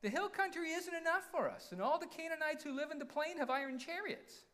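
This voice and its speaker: A man's voice: extremely high pitch, expressive, brisk, pushed and bright, pitched above the performer's own voice, full character voice. A man voicing a group of petulant, complaining tribesmen in a whiny voice during a sermon.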